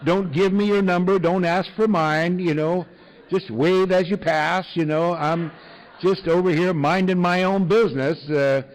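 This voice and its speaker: A man's voice: high-pitched, steady tone, unhurried, rough recording. A man sharing his recovery story with an audience in a wry, self-mocking way, full of fillers and chuckles.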